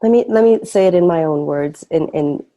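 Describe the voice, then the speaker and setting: A woman talking as a client on a coaching call. Her voice is low and mellow, and she speaks hesitantly, searching for her words. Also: normal speed, dull audio.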